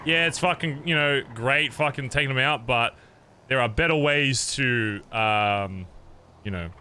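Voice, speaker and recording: A man's voice: medium pitch, unhurried, pushed and bright, slight background noise. A man in character as a biker club leader in a game role-play, swearing constantly and rambling with many fillers.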